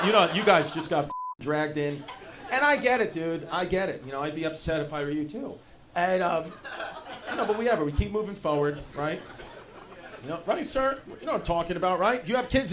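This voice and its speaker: A male stand-up comedian doing loose, rambling crowd work in a comedy club, saying "dude" a lot. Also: high voice. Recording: noisy live club recording.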